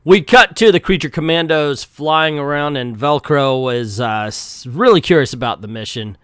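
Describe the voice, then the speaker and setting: A man's voice: fairly high pitch, normal speed, clear, resonant tone, dry recording. Jokey man reviewing a comic, dry sound. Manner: jokey, casual, animated. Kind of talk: comic book read-through and review.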